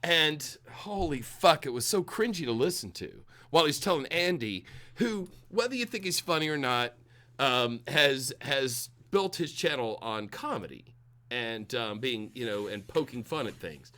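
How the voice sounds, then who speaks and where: Animated guy on a podcast, bright voice, swoops around a lot, goofs off. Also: medium pitch, measured pace. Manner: animated, laughing, mocking impressions. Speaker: podcast co-host. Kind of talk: casual drinking chat.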